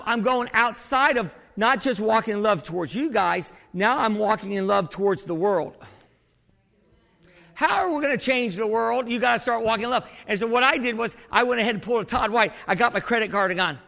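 A male pastor delivers a chatty, rambling sermon, often breaking off to quiz his congregation. His voice sits high and has a gravelly edge. It carries a long reverb from the church hall around him. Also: a little fast, pushed and bright. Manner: conversational preaching with many restarts and questions to the congregation. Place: church sanctuary.

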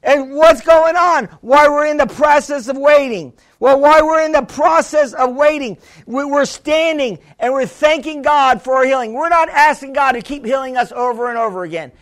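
A man with a strikingly high voice preaching a sermon. He is fervent and rises into shouts, then drops back to a conversational tone, with frequent restarts and calls to the congregation. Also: normal speed, few pauses.

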